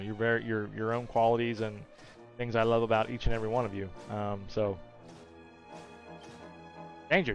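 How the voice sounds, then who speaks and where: A medium-pitched man with a clear, resonant tone hosts a casual gaming livestream over dull audio. He's chatty, reading comments from viewers out loud and warmly answering his regulars by name.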